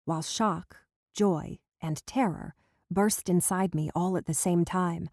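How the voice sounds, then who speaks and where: A woman narrating a first-person romance audiobook in a lively, expressive, comic manner, recorded close in a studio booth. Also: fairly low pitch, no echo. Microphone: close studio mic.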